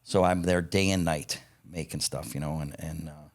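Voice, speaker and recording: Man, 50s, very low voice, salty raconteur who chuckles as he tells stories. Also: fairly even intonation, moderate pace. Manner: profane, blunt, acts out quoted dialogue; chuckles between lines. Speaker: podcast guest, parts company founder. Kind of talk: casual anecdotal storytelling.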